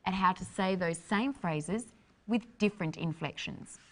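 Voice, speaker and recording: A woman hosting an English lesson, explaining in a clear, careful scripted delivery. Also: mid-range voice, unhurried, fairly bright tone, slight background noise. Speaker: host, English teacher.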